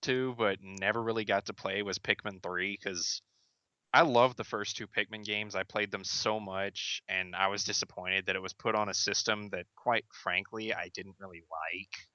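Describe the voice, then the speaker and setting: A man's voice: fairly low pitch, fairly even intonation, moderate pace, sharp tone, smooth, no room sound, highs cut off. A young man co-hosting a gaming podcast, dry and wry, keeping the chat on track. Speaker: podcast co-host. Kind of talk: casual chat.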